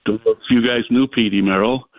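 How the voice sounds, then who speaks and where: A man's voice: mid-range voice, fairly even intonation, brisk. A man calling in to a radio show, reminiscing in a friendly, rambling way. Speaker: radio caller. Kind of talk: casual call-in chat. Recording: tinny phone line.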